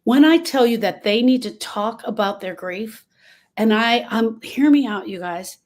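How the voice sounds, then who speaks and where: A woman's voice: on the high side, animated, a little slow, a little mellow. A woman speaking to a live group about grief, with an earnest, emphatic manner. She acts out what other people say. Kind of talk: motivational talk to a live group. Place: room with a live audience.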